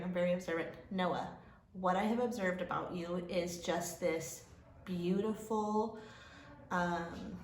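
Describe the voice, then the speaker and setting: A woman giving heartfelt end-of-year praise to students, emotional and laughing. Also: medium pitch. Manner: warm, emotional, laughing, gets choked up. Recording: echoey room with faint noise.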